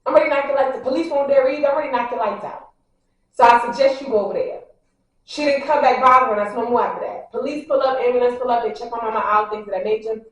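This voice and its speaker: A woman vlogger with a high voice tells her story straight to the viewers, animated and acting out the other people's words. She sits back from the mic in a very echoey room. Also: quick pace, highs cut off. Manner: animated, acts out what people said; talks straight to the audience, addressing them directly. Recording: very echoey, a bit far from the mic.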